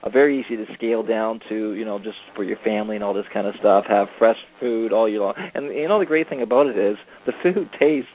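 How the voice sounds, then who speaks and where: A low-voiced man calling into a talk show, rambling casually with endless "you know" fillers. He comes through a narrow, phone-like line. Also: fast talker, hardly any pauses, a little hiss or hum. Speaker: caller. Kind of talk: casual call-in chat. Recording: tinny phone-line audio.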